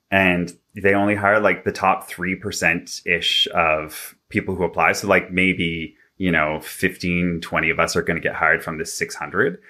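Young man from Canada, low bright voice, casual filler-heavy storyteller. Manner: chatty, filler-heavy, animated when quoting himself. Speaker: interview guest.

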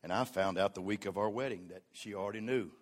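Talking fast at a fairly low pitch, an older pastor preaches with folksy humor. He veers from shouted calls to action into soft, quiet stories.

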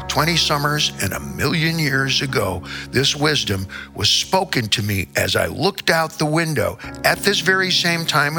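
A man's voice: medium pitch, bright, forceful tone. A man from Indiana, a singer on stage, telling a rambling, repetitive comic monologue with playful asides.

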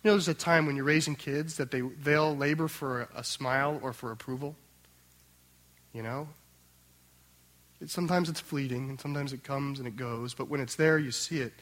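A man preaching a sermon, swinging between loud emphatic passages and quiet tender asides. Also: medium pitch, steady tone, normal speed. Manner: acts out the master's voice in quotes. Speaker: pastor.

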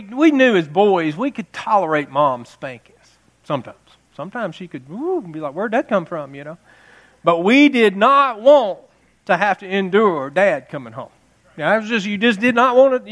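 Brief: pastor in his fifties, high voice, playful storytelling sermon full of laughs. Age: 50s. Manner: jokey, animated, laughs at his own stories. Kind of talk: humorous Mother's Day sermon storytelling.

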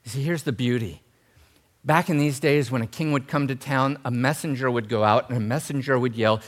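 A man preaching a sermon as pastor, animated and jokey, talking straight to his congregation. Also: medium pitch, a little fast.

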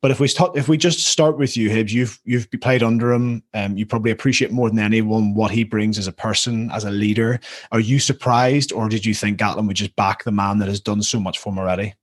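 A man's voice: lowish voice, fairly even intonation, brisk. Chatty Northern Irish man hosting. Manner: chatty and joking, with many fillers. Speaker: podcast host. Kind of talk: casual chat.

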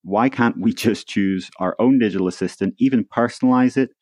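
A man's voice: on the low side, brisk, darkish tone, no room sound, clean studio sound. A man co-hosting a live tech news stream, explaining his views and asking pointed questions. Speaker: co-host of a VR news livestream. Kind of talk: casual livestream chat.

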